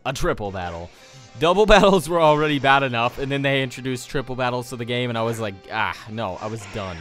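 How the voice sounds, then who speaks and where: A young man giving casual commentary as he plays a game, swinging from loud outbursts to low muttering. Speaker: let's play gamer.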